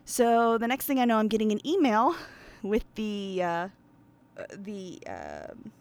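A woman's voice: mid-range voice, sing-song, a little slow. Guest spot: a chatty, self-deprecating woman from Pennsylvania, telling a story with lots of fillers. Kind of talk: casual storytelling.

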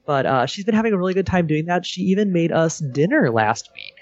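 A man's voice: high-pitched, big pitch swings, brisk, no room sound. A man co-hosting a parenting podcast, telling stories in a casual, upbeat, self-mocking way. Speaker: podcast co-host. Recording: dry, dull lo-fi sound.

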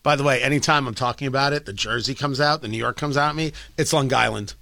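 A man's voice: medium pitch, fast talker, dry recording. A man with an East Coast American accent hosting a talk radio show, delivering an opinionated, sarcastic, joking monologue from a studio mic. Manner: sarcastic, animated, jokey. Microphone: close studio mic.

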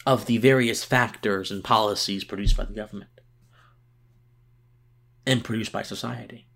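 A man's voice: lowish voice, steady tone, normal speed, vocal fry, fairly bright tone. A tired man hosting a political podcast, giving passionate commentary with emphatic restarts and repeated words.

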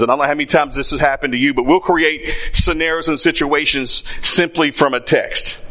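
A man's voice: a little high, a bit bright. A man preaching a sermon in a conversational way, acting out little asides. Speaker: pastor.

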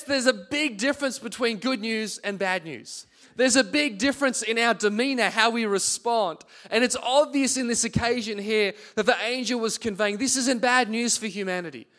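A man in his forties preaches a sermon with a fairly high-pitched voice. He moves easily between scripture and casual personal stories, talking to the congregation in a conversational way. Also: fairly bright tone. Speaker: pastor.

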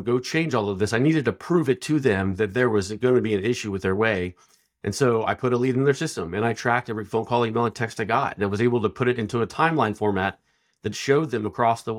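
A middle-aged man guest on a business podcast, telling stories in a casual, animated way and acting out quoted dialogue. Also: fairly low pitch. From Texas. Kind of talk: casual storytelling.

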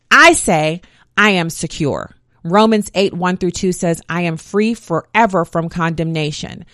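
A woman with a fairly low voice gives a faith-based monologue, reciting scripture in a steady, emphatic rhythm. The sound is dry and close, with no room echo.

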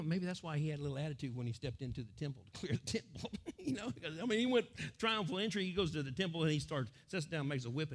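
A middle-aged man from the United States, preaching a sermon as pastor and acting out crowds and quotes in sudden loud bursts. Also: fairly high pitch.

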